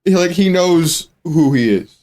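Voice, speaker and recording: A man's voice: a little high, measured pace, a little mellow. A young man talking as a podcast guest in casual chat, blunt and profane, and laughing often.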